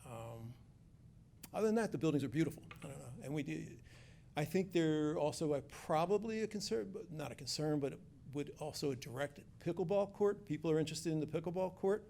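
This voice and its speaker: Joking gravelly-voiced construction director. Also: male voice, on the high side, expressive, fairly quick, mellow, slight background noise. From Philadelphia area. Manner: joking, chatty with restarts. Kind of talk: informal community update.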